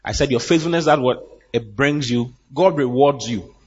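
A man's voice: medium pitch, normal speed, husky. A man preaching a sermon, acting out Bible characters and laughing along the way. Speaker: pastor. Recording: dull lo-fi recording.

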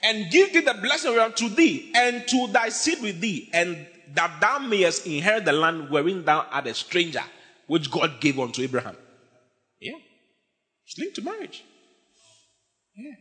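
A man preaching a sermon as pastor, emphatic and animated, often shouting and laughing. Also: high-pitched, moderate pace. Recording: long hall reverb.

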